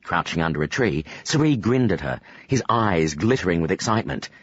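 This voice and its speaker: Fantasy audiobook narrator: low, husky male voice, very animated delivery, dry and dull sound. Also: brisk, no echo.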